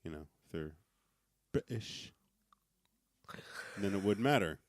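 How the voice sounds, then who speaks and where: A man's voice: fairly low pitch, lively intonation, slow pace. A man co-hosting a podcast in casual chat, often stammering over his words and laughing. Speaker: podcast co-host.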